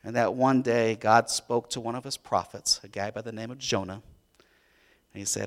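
A man preaching a sermon as a pastor, telling a story in an animated way and swinging between loud and hushed. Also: fairly low pitch, normal speed.

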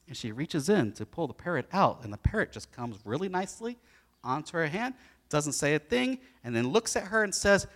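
Male pastor, middle-aged: animated sermon delivery, high and bright. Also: brisk. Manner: animated, storytelling, asks the congregation questions.

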